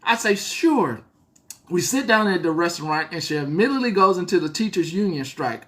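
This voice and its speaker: A woman's voice: lowish voice, lively intonation, a little fast. A woman hosting a show, reading a story aloud and breaking off for blunt, profane asides. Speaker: host.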